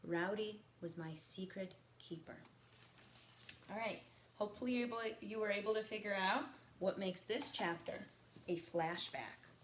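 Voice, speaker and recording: A woman teacher reading a novel aloud to her students, stopping for quiet teaching asides. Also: medium pitch, normal speed. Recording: echoey room with faint background noise.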